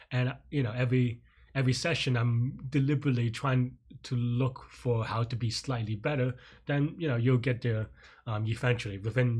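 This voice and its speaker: Guy rambling on his coding stream, kinda husky, lots of ums and restarts, teases himself a bit. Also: mid-range voice. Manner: rambling, full of fillers and restarts; self-deprecating with light laughs. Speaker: programming streamer. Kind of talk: casual livestream chat.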